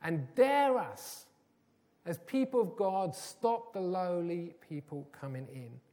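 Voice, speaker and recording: A man's voice: high-pitched, lively intonation, slow pace, mellow. A man preaching a sermon, earnest and building to emphatic, repeated phrases. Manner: earnest, rising to emphatic repetition.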